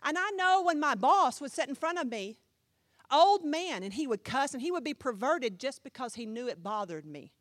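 A woman pastor preaching a sermon, emphatic, firing rhetorical questions and swinging from loud to hushed. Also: high-pitched, animated, normal speed, no echo, clean studio sound.

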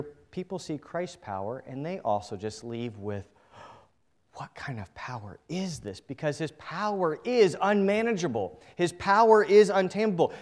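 A male pastor from New England preaching a sermon to his congregation, earnest and direct, swinging between hushed and emphatic delivery. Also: fairly high pitch.

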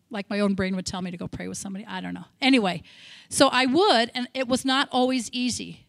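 A woman's voice: fairly high pitch, brisk, dry recording. A middle-aged woman missionary from the United States preaching in a church service, candid and self-deprecating, acting out her own past prayers. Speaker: missionary speaker. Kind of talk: sermon.

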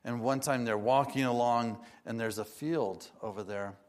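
A man delivers a sermon in an easy storytelling manner. His voice sits at an ordinary middle pitch. Now and then he slips into playful voices for the figures in his tales. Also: normal speed.

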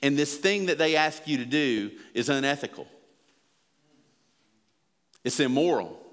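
Male pastor, earnest emphatic sermon delivery, mid-pitched voice, long hall reverb. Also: animated, unhurried, fairly bright tone. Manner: earnest, emphatic preaching that builds in pitch and volume.

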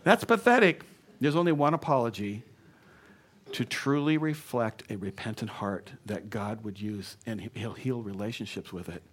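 A man's voice: lowish voice, moderate pace, husky. A male pastor preaching a sermon in a church, acting out excuses and bad apologies and leading the congregation in call and response.

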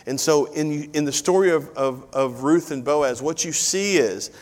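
A man's voice: a little high, a little slow, a little mellow. A man preaching a sermon as pastor, chatty and joking, repeating key phrases for emphasis. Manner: conversational preaching with self-deprecating asides and repeated phrases. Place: church sanctuary. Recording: live church audio with long hall reverb.

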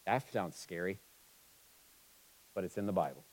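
A man preaching a sermon, moving between emphatic, passionate stretches and quiet, somber ones. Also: sits low, animated, measured pace, low-quality recording. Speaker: pastor.

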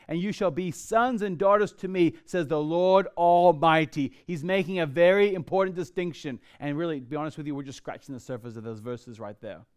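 A man preaching a sermon as pastor to a congregation in church, emphatic, and slowing down when he reads scripture aloud. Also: high voice, clean tone. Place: church before a live congregation.

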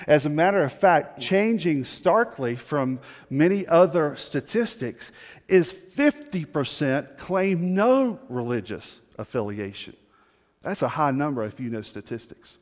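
A male pastor preaching a sermon, telling a story, sinking low and quiet for weight and rising for appeals. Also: expressive, a little slow. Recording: long hall reverb.

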